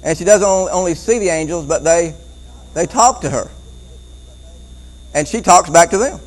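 A man preaching a Bible-teaching sermon, animated, often repeating words and chuckling as he goes. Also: sits high, normal speed, rough recording.

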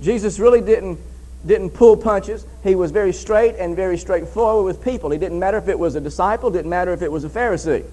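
Male preacher, high voice, emphatic sermon delivery with repeated phrases. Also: fairly quick, dark tone, low-quality recording. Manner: emphatic, repeats phrases, reads scripture aloud.

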